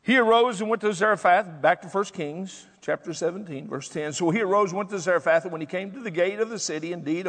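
An older male pastor preaches with emphatic, repetitive force. His voice is high, bright and lively, and it rings out with a long reverb. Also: breathy edge. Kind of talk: sermon.

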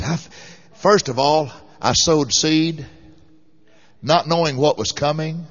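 A man's voice: on the high side, unhurried, a bit bright. Folksy man preaching, muffled lo-fi sound. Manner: folksy storytelling, rising to fervent exhortation. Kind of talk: sermon storytelling. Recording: muffled lo-fi recording.

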